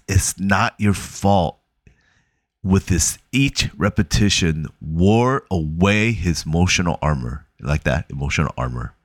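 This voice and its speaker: A man's voice: low voice, dry recording, studio quality. A man talking casually on his own podcast, telling a story with conversational asides and short chuckles. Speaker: podcast host. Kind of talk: casual solo podcast monologue.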